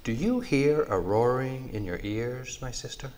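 A man voicing a timid, curious little female mouse in a spoken story, hesitant and soft. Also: medium pitch, a little slow, pitched above the performer's own voice, lightly acted.

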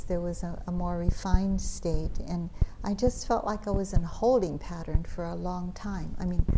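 A woman meditation teacher giving a dharma talk at a retreat, speaking in a gentle, reflective way with soft laughs. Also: on the low side. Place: retreat center meditation hall. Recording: loud background noise.

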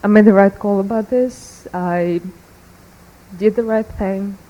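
A woman in a meditation group asking a question, speaking quietly and haltingly, near tears. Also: mid-range voice, steady tone, lo-fi sound. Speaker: student.

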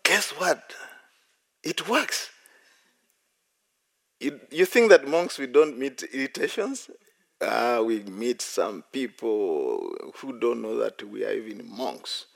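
Gravelly-voiced monk giving a playful talk. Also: male voice, mid-range voice, big pitch swings, slow pace, pauses often. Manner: playful, chuckles often between phrases; anecdotal, self-deprecating. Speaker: Buddhist monk and meditation teacher. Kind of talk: dharma talk at a meditation retreat.

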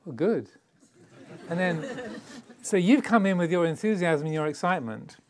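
Man giving a relaxed Dharma talk. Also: high-pitched, fairly quick, some chatter behind, a little hiss or hum. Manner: conversational, playful, laughs often; acts out little quoted voices. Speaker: meditation teacher.

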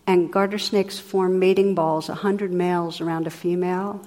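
A woman's voice: lowish voice, steady tone, normal speed, darkish tone. A woman meditation teacher giving a reflective, conversational dharma talk in a meditation hall, with frequent fillers. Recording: long hall reverb.

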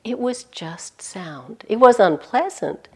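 A woman's voice: a little high, animated, takes it slowly, breathy edge. A woman meditation teacher giving a dharma talk to a retreat audience, telling stories candidly and with self-deprecating humor.

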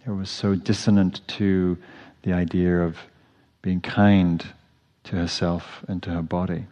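Low-voiced man giving a gentle dharma talk. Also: flat delivery, measured pace. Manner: gentle, reflective, with frequent restarts. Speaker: meditation teacher. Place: meditation hall. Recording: dull audio with long hall reverb.

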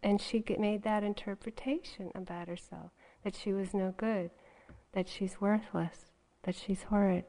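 A woman's voice: medium pitch, fairly even intonation, measured pace, dark tone, low-quality recording. A woman meditation teacher giving a dharma talk in a conversational way, often adding "you know" as she goes.

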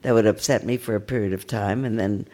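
An older woman giving a gentle, conversational dharma talk as a meditation teacher, with a self-mocking manner. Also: rumbling low, fairly even intonation, fairly quick. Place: meditation center.

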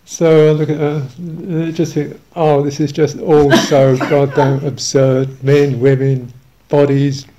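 A man's voice: fairly high pitch, level tone, a little slow, hardly any pauses, dark tone, slight background noise. An older English man, a Buddhist monk, telling a humorous, self-mocking story in a dharma talk, chuckling along.

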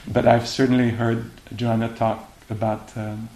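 A man giving a meditation talk and answering questions, speaking haltingly with many fillers and restarts. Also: mid-range voice, flat delivery, warm tone. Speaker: meditation teacher. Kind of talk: dharma talk and Q&A. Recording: echoey room with faint hiss.

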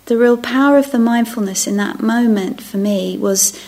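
A middle-aged woman teaching meditation offers a reflective dharma talk to a retreat group at a moderate pace, her voice fairly high with a dark tone. She is self-interrupting, restarting her phrases and often dropping to a near-whisper.

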